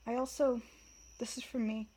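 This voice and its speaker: A woman reads a weary middle-aged wizard father who speaks softly and haltingly. His voice stays quiet and fairly high. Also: level tone, natural voice. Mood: tender. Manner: soft, hesitant, quiet.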